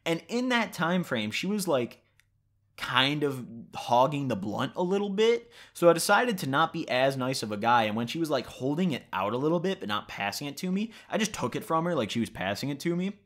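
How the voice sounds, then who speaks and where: A man's voice: fairly high pitch, sing-song, fairly quick, fairly bright tone. Young man telling a rambling, profane story. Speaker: vlogger. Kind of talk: casual storytelling.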